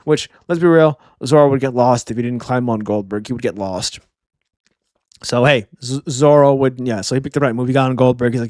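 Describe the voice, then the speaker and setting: A man reviewing a manga chapter in a rambling, profane, excitable casual chat. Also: mid-range voice, fairly quick, no room sound, studio quality.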